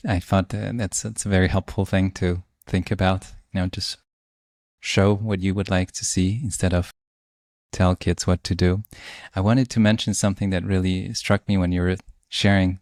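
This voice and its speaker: A man's voice: sits low, flat delivery, normal speed, a little mellow, dry recording, clean studio sound. A man hosting a podcast interview, talking reflectively and thinking aloud as he shares his views. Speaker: podcast host. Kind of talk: conversational interview.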